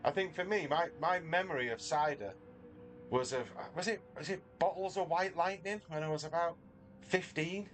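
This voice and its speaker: A man's voice: on the high side, moderate pace, fairly bright tone, a little hiss or hum. Chatty Mancunian man streaming from his garage. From Northern England. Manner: chatty, self-deprecating, reads out chat. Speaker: livestreamer. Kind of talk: casual chat while racing. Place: home garage.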